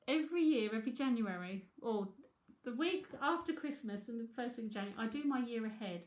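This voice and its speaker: A woman's voice: fairly high pitch, reverberant. A middle-aged woman, a psychic tarot reader, chatting frankly and laughing often as she answers viewers. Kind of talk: casual livestream chat.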